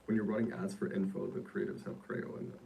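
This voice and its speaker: Deep gravelly interviewer, rapid delivery, mellow tone, light room hum. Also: male voice, flat delivery, rough recording. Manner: quick, curious questioning, casual slang. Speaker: podcast interviewer. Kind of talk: casual podcast interview.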